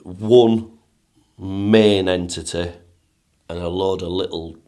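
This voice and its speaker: A middle-aged man with a Northern English accent speaks in a very low, deep voice. He tells a personal story as a podcast guest, casual and earnest. He often repeats and restarts his words as he goes. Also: fairly even intonation, slow, mellow. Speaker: guest, musician and DJ.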